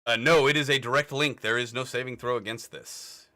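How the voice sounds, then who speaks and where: Bright-voiced young game master. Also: male voice, mid-range voice, fairly even intonation, fairly quick. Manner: laughing often, hesitant fillers. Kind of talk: narrating a tabletop game.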